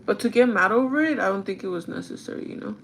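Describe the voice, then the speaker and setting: A woman's voice: mid-range voice, animated, quick pace, vocal fry, fairly bright tone, slight background noise. A young woman rambles through a personal story for her vlog. She talks casually, drops in plenty of fillers, and slips between languages mid-sentence. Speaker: vlogger. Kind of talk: casual chat.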